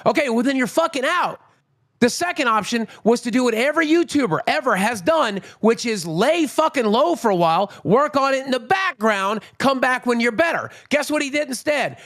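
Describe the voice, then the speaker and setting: A man with a high, swooping voice rants on a podcast. His anger is heated and profane and keeps climbing until he is nearly shouting. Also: expressive, moderate pace. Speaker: podcast co-host. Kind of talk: angry ranting commentary.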